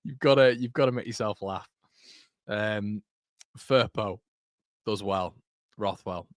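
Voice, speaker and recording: A man's voice: fairly low pitch, takes it slowly, no echo, studio quality. A young man hosting a live football watchalong, chatty and casual, who keeps breaking into giggles. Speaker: host.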